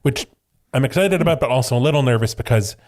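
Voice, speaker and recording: A man co-hosting a podcast in casual chat, animated and giggly, speaking in quick bursts. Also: medium pitch. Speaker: podcast co-host.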